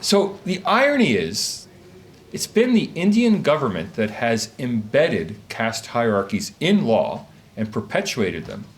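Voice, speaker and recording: A man's voice: medium pitch, unhurried. A man, an academic, giving a conference talk to a live audience, speaking from notes in a questioning lecture style. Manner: lively, questioning lecture delivery. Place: conference room.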